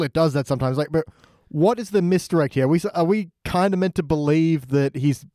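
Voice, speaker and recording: A man's voice: a little high, fast, dark tone, dry recording, studio quality. A man co-hosting a podcast, ranting sarcastically in casual chat. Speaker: podcast co-host.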